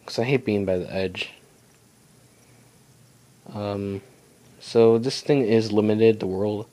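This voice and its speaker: Young male let's-play host, low voice, chatty and rambling self-talk. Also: fairly even intonation, takes it slowly, mellow. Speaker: gaming channel host. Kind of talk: casual let's play commentary.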